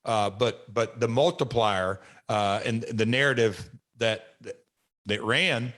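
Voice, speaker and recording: A man's voice: mid-range voice, takes it slowly, a bit bright. A man hosting a podcast, telling stories in a loose, rambling way with many restarts and frequent laughs. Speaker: podcast host, former wrestler. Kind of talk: casual storytelling chat.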